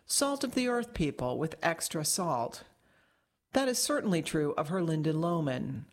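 A woman reads a long-form article aloud in scripted narration. Her voice sits a little low for a woman. The delivery is measured and articulate. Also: very animated. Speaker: narrator reading a magazine article.

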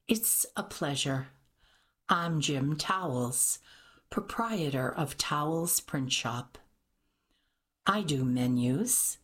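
A woman's voice: extremely low pitch, exaggerated voice. A woman voicing an eager, chatty male print-shop owner with a salesy manner.

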